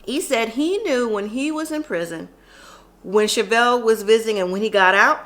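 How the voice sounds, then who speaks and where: A woman's voice: a little high, expressive, moderate pace, a bit bright. A woman casually recapping a reality TV episode, chatty and opinionated, talking straight to the people she watches. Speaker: TV recap vlogger.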